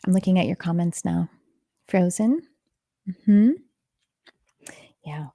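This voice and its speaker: A woman's voice: lowish voice, takes it slowly, gravelly, warm tone, no echo, studio quality. A middle-aged woman from Texas, a spiritual teacher talking casually on a live stream, rambling and earnest with many fillers and restarts. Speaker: spiritual teacher giving intuitive readings.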